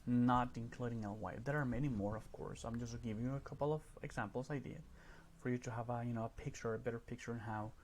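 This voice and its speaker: Man, teacher type, recorded slide lesson, middle-pitched voice, patient step-by-step explaining, light background hiss. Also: steady tone, fast talker, darkish tone. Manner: explains step by step, frequent "right?" checks.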